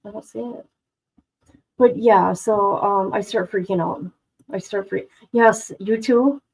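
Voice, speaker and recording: A woman's voice: mid-range voice, fairly even intonation, a little slow, creaky, slightly rough, low-quality recording. A woman hosting a casual livestream, dramatic and exclamatory, talking to herself and her chat. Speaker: livestream host. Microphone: no headphones, device mic.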